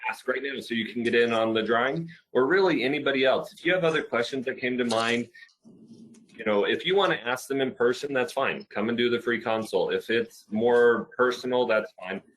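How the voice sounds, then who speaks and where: A man's voice: medium pitch, a little fast, fairly bright tone, poor audio. A man hosting a physical therapy webinar, encouraging viewers and answering their comments in a casual, upbeat way.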